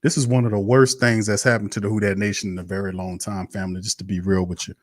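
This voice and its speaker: A man's voice: on the low side, little pitch movement, fast talker. A man hosting a live sports stream, ranting bluntly and profanely, repeating himself in heated bursts. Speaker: sports show host.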